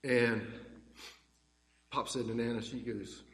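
A man tells warm, rambling family stories as a eulogy. His voice is middle-pitched. It rings through a large church with a long, roomy reverb. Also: moderate pace. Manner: warm, rambling, fond anecdotes. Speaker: grandson giving a eulogy. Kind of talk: heartfelt eulogy storytelling.

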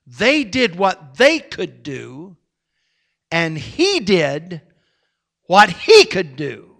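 Bright, high-voiced folksy preacher. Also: male voice, drawn-out words, creaky. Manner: animated, folksy storytelling with sudden loud swells. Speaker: pastor. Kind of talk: storytelling sermon.

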